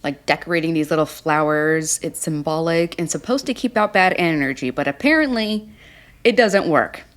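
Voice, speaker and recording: A woman's voice: low-pitched, moderate pace. A woman casually recapping a reality show, blunt, snarky and exasperated.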